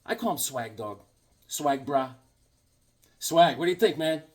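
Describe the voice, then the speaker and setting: A man hosts a comic book video, spinning silly tales in a loose, rambling way that keeps restarting its sentences. His voice is husky, with a breathy edge, and sits a little high for a man. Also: unhurried. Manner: rambling, animated, lots of fillers and restarts. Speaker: comic book channel host. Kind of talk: casual storytelling vlog.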